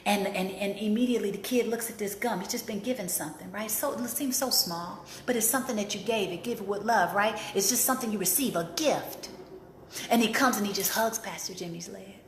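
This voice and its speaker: A woman's voice: medium pitch, a little fast, a little hiss or hum. A woman hosting an inspirational talk, speaking emphatically and repeating key phrases for emphasis. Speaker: host and life coach. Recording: roomy echo.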